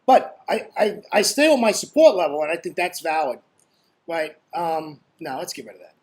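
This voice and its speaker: A man's voice: on the high side, sing-song, moderate pace. A man giving casual trading commentary over his screen, chatty and blunt, joking and constantly asking "right?". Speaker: forex trading educator.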